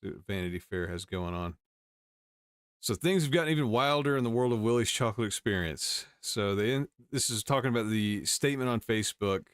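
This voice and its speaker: A man's voice: lowish voice, lively intonation, a little fast, clear, resonant tone, no room sound, studio quality. A male host casually reading and commenting on news stories, wry, with chuckling asides.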